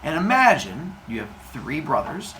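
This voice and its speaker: A man retelling a myth to a live audience of kids in an animated, jokey way, acting out voices. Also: fairly high pitch, moderate pace, background noise. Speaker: storyteller for kids.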